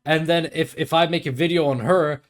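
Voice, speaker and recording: A young man with a slightly raised pitch rants through a reaction commentary from his desk mic, swearing freely and mocking the other side with sarcasm. He restarts his sentences often, tripping over words mid-thought. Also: fairly even intonation, fairly quick. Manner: stammering restarts. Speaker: commentary video creator. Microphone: headphones and desk mic.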